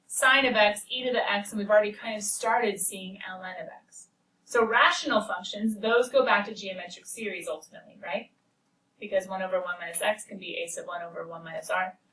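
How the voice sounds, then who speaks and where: A woman's voice: mid-range voice, a bit bright. A woman teaching a math class, explaining step by step in a chatty way, recorded in a classroom. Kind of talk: classroom lecture with banter. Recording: roomy classroom audio from far off.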